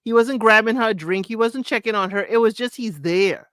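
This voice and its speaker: A co-host in a casual live podcast chat, retelling stories in an emphatic, drawn-out way. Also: mid-range voice, fairly bright tone, no echo, studio quality.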